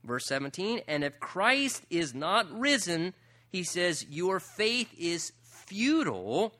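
A male pastor preaching a sermon, emphatic and full of rhetorical questions, swinging between loud and soft passages. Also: high-pitched, sing-song, takes it slowly.

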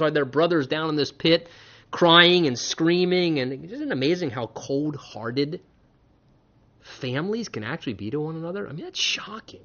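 Male pastor working through scripture verse by verse; punchy emphasis, hushed asides, slightly raised voice, muffled lo-fi capture. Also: on the high side. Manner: emphatic, varies between loud stresses and quiet asides. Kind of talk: expository sermon reading scripture with commentary. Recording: dull lo-fi sound.

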